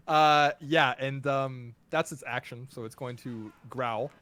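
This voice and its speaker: A man's voice: mid-range voice, steady tone, slow, a bit bright. A man running a tabletop game as game master, laid-back and often chuckling as he talks through the rules.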